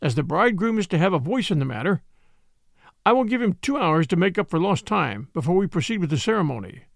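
A man reading the part of a stern, sardonic old nobleman in an audiobook, deliberate and cold. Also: high-pitched, sing-song, gravelly, no echo, studio quality, heavily acted. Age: older.

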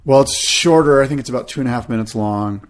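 A man's voice: mid-range voice, fast talker. A man co-hosting a casual podcast, with a medium voice and a loose, rambling way of telling a story. He slips into other voices when he quotes people. His talk is easygoing and conversational. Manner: rambling storyteller, animated quoting. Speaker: podcast co-host. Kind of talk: casual chat.

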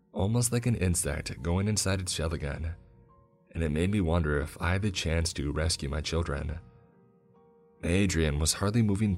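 A man narrating a first-person horror story in a steady, tense way. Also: very deep voice.

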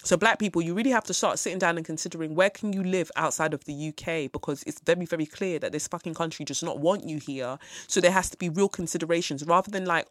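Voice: medium pitch, fast, dry recording. A podcast host, ranting with blunt, profane exasperation about the news. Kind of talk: ranting commentary.

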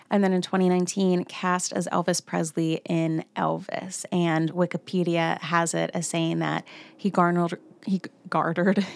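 A young woman hosting a casual commentary vlog, ranting in an animated way with lots of swearing and filler words. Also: on the low side. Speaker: commentary host.

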